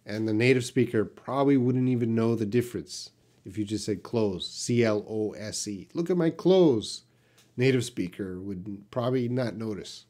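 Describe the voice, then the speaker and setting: A man's voice: lowish voice, steady tone, moderate pace, darkish tone. A man from Canada, an English teacher, reading out viewer questions on a live stream and answering them in a plain, direct, sometimes blunt way.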